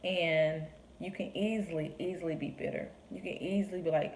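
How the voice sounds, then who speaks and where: A woman's voice: on the low side, fairly even intonation, normal speed, a little mellow, slight background noise, rough recording. A young woman talking earnestly to camera about her faith, encouraging listeners and acting out quoted voices. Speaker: vlogger sharing faith reflections. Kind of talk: heartfelt personal talk to camera.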